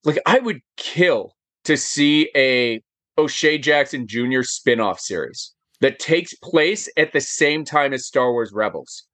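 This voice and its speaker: A man talking as a podcast guest in casual chat, animated and emphatic, firing off rhetorical questions. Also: medium pitch, a little slow, no room sound.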